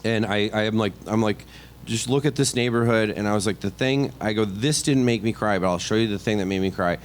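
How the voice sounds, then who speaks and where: A middle-aged man, a stand-up comedian, telling a story on a podcast in a casual, animated, self-deprecating way full of asides and restarts. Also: fairly low pitch, brisk, a little hiss or hum. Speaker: comedian guest.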